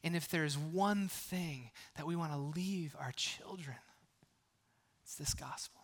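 A man preaching in a fairly high voice, talking to the congregation as if in conversation. He falls to near whispers on tender lines and then rises into loud, emphatic bursts, with light jokes between earnest points. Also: slow pace. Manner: conversational, with frequent restarts and asides; swings from hushed, almost whispered passages to loud emphatic bursts. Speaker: pastor. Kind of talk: sermon.

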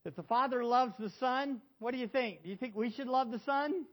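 Pastor guy preaching in church, high voice, goes from loud and pushy to quiet and choked up, keeps asking the room questions. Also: a little fast. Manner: swings from loud exhortation to hushed emotion; asks the congregation questions. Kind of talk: sermon.

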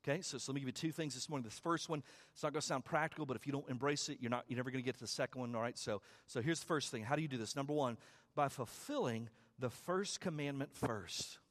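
A man preaching a sermon as pastor, talking conversationally, repeating words, and building to loud, high climaxes. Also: quick pace.

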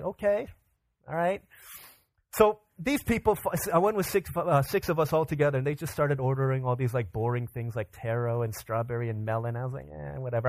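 A young adult male pastor telling a personal story in a sermon, acting out quotes with lively energy. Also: mid-range voice, no room sound. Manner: animated storyteller, acts out quotes.

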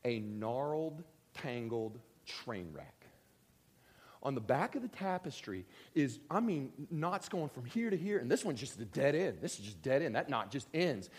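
Speaking a little slowly in a medium-pitched voice with a breathy edge, a man preaches to his congregation, earnest and direct, rising into animated, emphatic outbursts.

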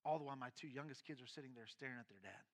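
A middle-aged man who is a pastor, telling his own story in a sermon, candid and shifting between quiet and emphatic moments. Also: mid-range voice, rapid-fire. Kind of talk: sermon testimony.

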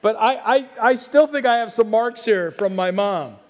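A middle-aged man preaching a conversational sermon with chatty asides, dropping to a hushed voice on calm phrases. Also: high voice, normal speed. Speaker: pastor.

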